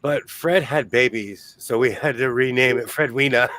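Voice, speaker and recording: A man's voice: mid-range voice, normal speed, pushed and bright, no echo, low-quality recording. A man hosting a casual sewing chat, telling stories and laughing often. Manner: chatty storyteller who laughs often.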